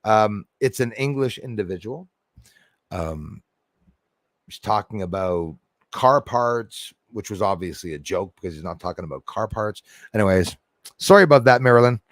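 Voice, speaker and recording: A man's voice: on the low side, animated, normal speed, dry recording, clean studio sound. A man hosting a casual livestream, reading comments aloud, laughing and poking fun at himself. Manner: laughing, self-deprecating, chatty. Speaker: livestream host reading chat.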